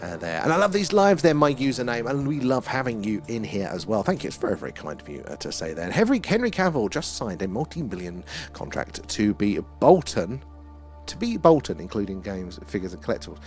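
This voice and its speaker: A man's voice: lowish voice, wildly swooping pitch, brisk, darkish tone, faint music behind. A man with an Essex accent hosting a live sky-watch stream, chatting casually and reading out viewer comments. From England. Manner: chatty, reads out viewer comments, often trails off with "there".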